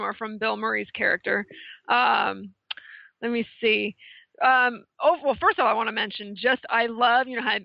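A woman co-hosting a casual movie talk, chatty and quick to laugh as she retells favorite scenes. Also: a little high, vocal fry, no echo, highs cut off. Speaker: podcast co-host.

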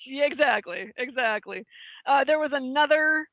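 Chatty lady retelling movie scenes, kinda high voice, dry lo-fi sound. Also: lively intonation, moderate pace, no echo. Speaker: podcast co-host. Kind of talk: casual movie discussion.

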